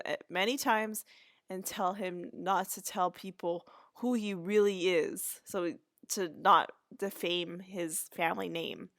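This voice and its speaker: Recorded dry in a clean studio, this woman speaks in a lowish voice. She is a podcast host from Canada, chatting her way through a TV episode recap with plenty of asides and restarts.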